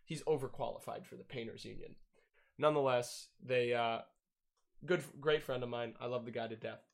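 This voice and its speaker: A man's voice: mid-range voice, moderate pace, creaky. A young man casually telling a profane, laughing story on a podcast. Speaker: podcast host.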